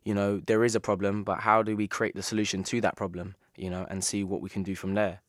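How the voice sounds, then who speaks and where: South London man, relaxed interview guest, laughs easily, dry close sound. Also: lowish voice, quick pace, no echo. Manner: easygoing, laughs often, peppers speech with "man" and "you know". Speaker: guest actor. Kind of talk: casual interview chat.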